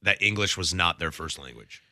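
A jokey man co-hosting a radio show who laughs easily and pokes fun at himself. His voice is bright and forward, with a pitch that jumps around a lot. The recording is close and dry. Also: lively intonation, moderate pace, no room sound. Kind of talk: casual radio banter.

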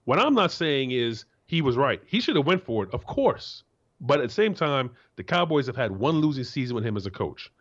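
A man in his forties from Florida, co-hosting a sports talk show as a former player, blunt and profane, jumping into a high voice to act out quotes. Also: sing-song, fairly quick, highs cut off. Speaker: co-host, former NFL player.

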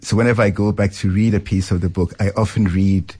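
A man's voice: lowish voice, steady tone, quick pace, a little mellow, slightly rough. A man, a novelist, being interviewed on radio and answering thoughtfully about his writing. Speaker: novelist guest.

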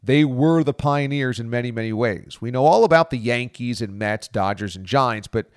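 Man, 40s, podcast host, enthusiastic, conversational, mid-pitched voice. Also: normal speed, smooth, no echo, studio quality. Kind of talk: scripted podcast intro and interview.

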